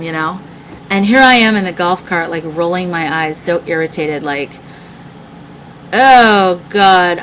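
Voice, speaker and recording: A woman's voice: fairly low pitch, fairly bright tone, a little hiss or hum, low-quality recording. Rambling, profane young woman on a live stream. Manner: rambling and profane, chatting with viewers. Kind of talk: casual live-stream storytelling. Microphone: webcam mic.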